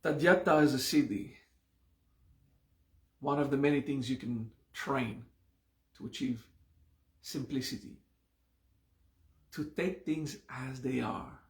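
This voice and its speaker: A man teaching a live meditation class explains a mantra and its hand gesture, speaking unhurriedly and often checking in with "okay?". His voice is medium in pitch, and the sound is roomy.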